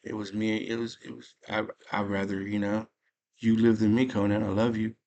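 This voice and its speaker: Dying woman warrior voiced by a man, hushed, low-pitched, fading out. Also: level tone, moderate pace, close to an everyday voice. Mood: tender.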